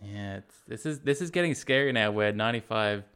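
Male co-host with a dry, sarcastic edge, relaxed conversational delivery. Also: lowish voice, fairly quick, clear, resonant tone. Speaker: podcast co-host reviewing films. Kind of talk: casual chat.

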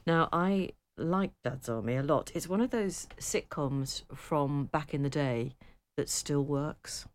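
A woman co-hosting a radio chat show, chatty and quick to laugh as she reads out listener emails. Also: sits low. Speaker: radio co-host.

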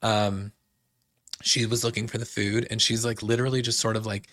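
A man's voice: on the low side, flat delivery, normal speed, fairly bright tone, dry recording, clean studio sound. A male podcast host in a casual recap chat, rambling with lots of "like"s and restarts. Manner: chatty, many "like"s and restarts.

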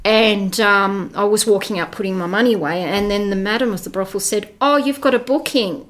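A woman, a podcast guest chatting through a personal story and acting out the voices in it. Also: fairly bright tone. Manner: chatty, acts out voices in her story with quick pitch jumps. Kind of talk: casual storytelling.

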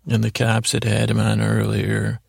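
A man's voice: on the low side, completely flat delivery, gravelly, breathy edge, dry recording, studio quality. A man hosting a sleep podcast, rambling through a recap with lots of fillers and restarts. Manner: halting, full of fillers and restarts. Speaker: podcast host.

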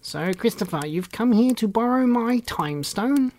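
A kindly old elf elder, leader of his folk, speaking slowly and with patient care in a children's storybook, as the reader puts him on. His voice sits a little higher than the reader's own and comes out measured and instructive. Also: expressive, a little mellow, lightly acted. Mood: welcoming. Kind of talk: storybook read-aloud.

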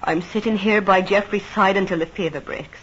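A woman's voice: mid-range voice, moderate pace, muffled recording, a little hiss or hum, close to an everyday voice. An actress playing Kitty, a devoted, jealous young tavern woman, in an old radio drama. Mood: stubborn. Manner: fierce, jealous, emotional.

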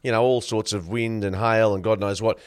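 An Australian man co-hosting a podcast, an animated storyteller who laughs often in casual chat. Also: lowish voice, fairly quick, smooth, no room sound, studio quality. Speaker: podcast co-host.

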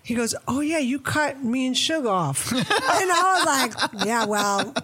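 A woman's voice: high voice, slow, slightly rough. A middle-aged woman from New York, a photographer telling stories in a casual interview and acting out the voices in them. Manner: animated, acts out quoted dialogue. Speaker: photographer guest.

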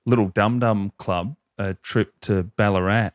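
A man's voice: on the low side, fairly even intonation, a little slow, dry recording, studio quality. An Australian man co-hosting a podcast in casual comedic chat, joking and laughing often. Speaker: podcast co-host.

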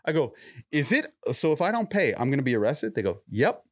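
A young adult man spins a story on a podcast, acting out every quote in bursts of laughter. His pitch sits mid-range but swoops widely as he talks. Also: brisk, no echo, studio quality. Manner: animated, acts out quotes with rising pitch and laughter. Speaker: podcast host. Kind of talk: casual storytelling.

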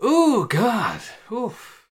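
Brief: podcast co-host, playful, pitch bouncing all over, quick to laugh. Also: huge pitch swings, slightly rough. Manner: jokey, laughs often, slips into silly voices. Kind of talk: casual podcast chat.

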